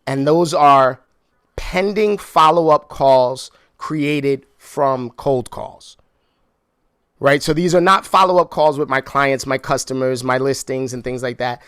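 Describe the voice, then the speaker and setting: A man coaching a room on real estate sales calls, energetic and animated, acting out phone conversations. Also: mid-range voice, slow, smooth, dry recording, clean studio sound. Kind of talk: sales training talk with role-play.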